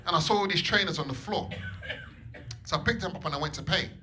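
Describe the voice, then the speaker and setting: A man performing stand-up comedy in a comedy club, animated, swinging between loud bursts and low mutters. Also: quick pace. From England. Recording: live club set with audience noise. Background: audience laughter.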